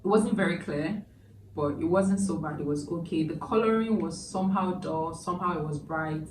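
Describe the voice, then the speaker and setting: Woman movie reviewer, chatty, emotional asides, low voice, echoey room, noisy background. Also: moderate pace. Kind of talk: casual spoken review. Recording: echoey room, distant mic, background noise.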